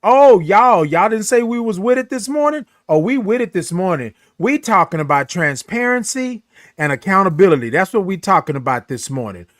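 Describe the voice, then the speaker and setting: Lively high-voiced livestream host. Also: male voice, dry recording, clean studio sound. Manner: animated, sings out drawn-out good mornings; greets chat viewers by name. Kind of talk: casual livestream talk.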